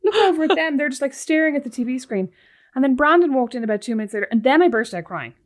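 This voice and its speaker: Woman podcast co-host in her thirties, quick and animated, casual storyteller. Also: sits high. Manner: animated, tells stories with lots of "like". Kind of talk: casual chat.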